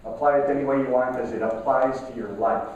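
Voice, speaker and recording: A middle-aged man giving a motivational talk to a live audience, conversational, repeating himself and slowing down to stress key lines. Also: medium pitch, steady tone, darkish tone, dull audio. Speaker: keynote speaker. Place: conference room at a networking event. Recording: echoey room, mic from far off.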